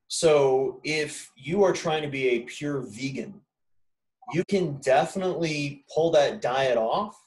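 A man lectures his class in an easy, informal way, talking straight to his students and not mincing words. His voice sits at a middle pitch and sounds a little distant from the microphone. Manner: informal, blunt, talks to students directly. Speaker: exercise physiology instructor. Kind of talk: casual recorded lecture.

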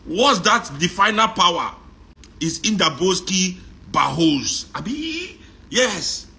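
A middle-aged Nigerian man with a Nigerian accent, talking in a joking, animated monologue that mixes in Pidgin and Yoruba. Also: high-pitched, slow, vocal fry. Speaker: musician talking on a live stream. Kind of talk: casual monologue.

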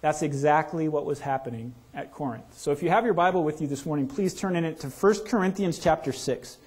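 A male pastor preaching a sermon in a church, talking casually and asking the congregation questions. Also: breathy edge. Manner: conversational, asks the congregation questions; lowers to a soft, slow voice in prayer. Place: church sanctuary.

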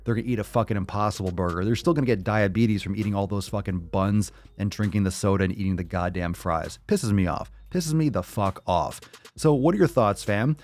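A man's voice: fairly low pitch, fairly quick, a little mellow. A man hosting a fitness video, giving a fired-up, mocking reaction commentary full of swearing. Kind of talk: profane ranting reaction commentary.

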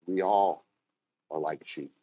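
A man preaching a sermon as pastor, telling stories and acting out quoted voices with sudden jumps in pitch. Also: fairly even intonation, takes it slowly, muffled recording.

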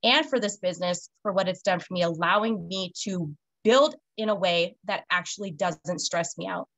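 A woman's voice: fairly low pitch, moderate pace, fairly bright tone, no echo, rough recording. A woman on a video call, earnestly and gratefully wrapping up her story. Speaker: guest sharing her story. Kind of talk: casual video call testimonial.

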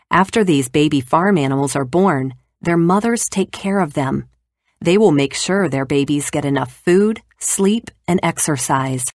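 A woman narrating an educational read-aloud for young children in a clear, steady way. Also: sits low, dry recording, clean studio sound.

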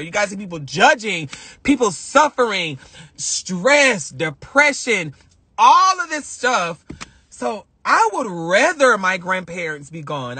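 A woman's voice: medium pitch, sharp tone, breathy edge, dry recording. A young woman hosting a live stream, telling a personal story in an emotional, rambling way and often repeating herself. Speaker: livestream host.

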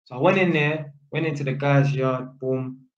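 A man's voice: medium pitch, normal speed. A young man with a London accent telling a casual story about his work, in street slang with constant tag questions. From Britain. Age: young adult. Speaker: vlogger. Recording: roomy, slightly dull sound.

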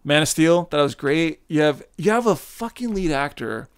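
A man's voice: on the high side, expressive, moderate pace, clean tone. A man hosting a podcast, chatting casually and animatedly, swearing freely and acting out what others might say. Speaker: podcast host. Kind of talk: casual chat.

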